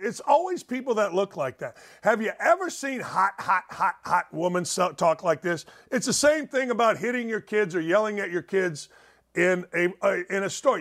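A man hosting a talk show, reading out news articles with sarcastic, incredulous commentary and swinging from loud outbursts to muttered asides. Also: high voice.

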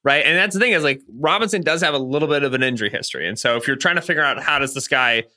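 Bright, enthusiastic man breaking down players. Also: medium pitch, racing. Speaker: football analyst. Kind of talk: casual podcast chat.

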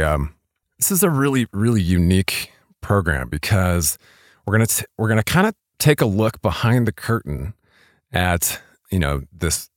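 A man with a low voice hosts a podcast interview, rambling a little and circling back through fillers and restarts. His voice sits close and dry on a studio mic, with no room around it. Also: dry recording. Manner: rambling, self-deprecating, many fillers and restarts. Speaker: podcast host. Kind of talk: casual interview chat.

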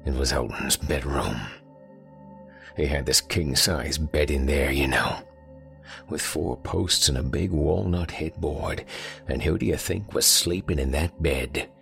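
A man's voice: extremely low pitch, unhurried, gravelly, a bit bright, faint music behind, heavily acted. A man voicing a dying older man with folksy rural grammar, telling his haunted story in a pained, gasping way. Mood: bitter.

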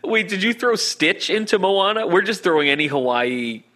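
A man's voice: sits high, animated, moderate pace, a bit bright. A man co-hosting a casual podcast over a video call, chatty and a bit nervous. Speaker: podcast co-host. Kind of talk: casual chat. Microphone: home computer mic on a video call.

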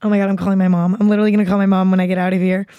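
A young adult woman hosts a casual podcast, wandering from thought to thought and swearing freely. Her voice sits at an ordinary pitch for a woman. It is recorded close and dry, with no room sound. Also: flat delivery, racing, smooth, no echo, lo-fi sound. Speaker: podcast host. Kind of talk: casual chat.

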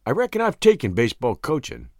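A man's voice: medium pitch, wildly swooping pitch, fast, gravelly, darkish tone, no room sound, studio quality, heavily acted. A man reading an audiobook, voicing a shy, earnest young country man with plain rural speech.

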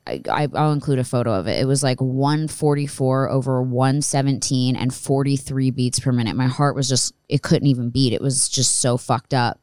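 A woman's voice: very deep voice, normal speed, few pauses, darkish tone, no room sound, studio quality. A woman in her thirties telling a personal story as a podcast host, candid and profane, rambling with restarts. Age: 30s. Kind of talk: casual storytelling monologue.

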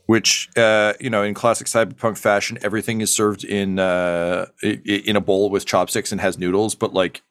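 A young man narrates a tabletop game in a fairly low voice. He rambles, hunting for words with many ums and uhs. The sound is dry and close. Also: little pitch movement, normal speed, hardly any pauses, no echo. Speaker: game master.

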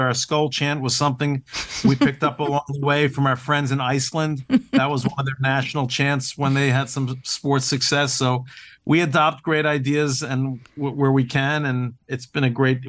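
A man's voice: mid-range voice, fairly bright tone, no echo. A man being interviewed as a team owner, speaking with earnest enthusiasm and filling his sentences with "uh" and restarts. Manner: upbeat and earnest, with many "uh" fillers and restarts. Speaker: team owner, podcast guest. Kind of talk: casual interview conversation.

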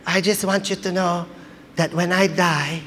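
A man's voice: steady tone, fairly bright tone, slight background noise. A man putting on a mischievous old grandma. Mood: teasing. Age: older. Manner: slow, high and drawn out. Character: elderly Filipino grandmother, frail but mischievous. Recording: live show in a hall with audience.

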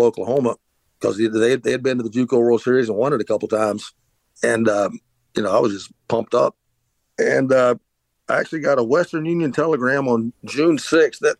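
A man's voice: medium pitch, a little mellow, no room sound. Middle-aged guy rambling through a story, lots of uh's and restarts, plain mid voice, dry sound. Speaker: podcast host, former pitcher. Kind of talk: casual storytelling.

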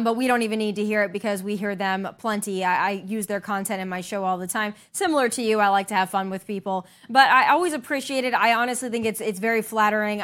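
A woman's voice: mid-range voice, fairly bright tone. A woman hosting a political talk show, with an upbeat, punchy delivery. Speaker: host.

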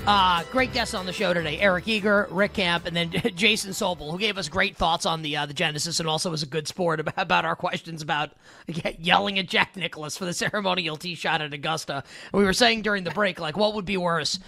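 Bright, giggly male podcast host. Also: high-pitched, fairly quick, gravelly, faint music behind. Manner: giggly, excitable, lots of fillers. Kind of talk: casual sports talk.

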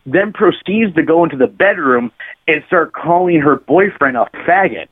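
Guy rambling a crude story, swears a lot, laughs as he goes, fairly high voice, sounds like a phone line. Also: expressive, normal speed, breathy edge. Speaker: podcast guest, bass player. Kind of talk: casual storytelling.

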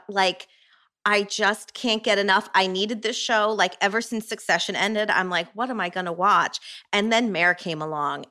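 A woman's voice: mid-range voice, bright, forceful tone. A woman co-hosting a podcast, gushing in casual chat and saying "like" a lot. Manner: gushing, says "like" often. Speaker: podcast co-host.

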